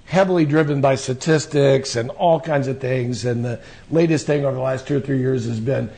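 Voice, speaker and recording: A man in his sixties hosts a radio talk show, his mid-range voice gravelly and dark, his pace a little fast. He chats in a rambling way, constantly breaking off and starting again.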